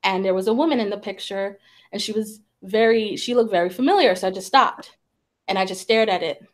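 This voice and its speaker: With a mid-range voice that runs a little fast, a woman hosting a talk show shares a personal story in casual chat. She's a psychic medium, fills her speech with "like" and "you know," and acts out what others said.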